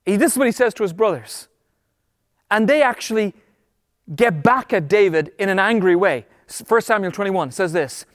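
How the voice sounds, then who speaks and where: High-voiced man preaching emphatically. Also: expressive, dry recording, studio quality, long reverb tail. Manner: emphatic preaching, shifting between slow stress and quick bursts. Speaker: pastor. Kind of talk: sermon.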